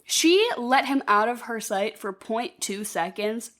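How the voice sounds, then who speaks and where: A woman's voice: on the high side, lively intonation, a little slow, fairly bright tone. Rambling, profane young-sounding woman. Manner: rambling, profane, acts out quotes in put-on voices. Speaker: podcast co-host. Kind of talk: casual movie recap chat.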